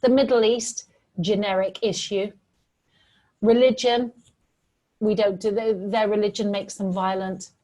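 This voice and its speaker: A middle-aged woman from Britain giving a talk with slides, telling stories in an earnest, animated way. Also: mid-range voice, measured pace, long pauses. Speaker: public speaker.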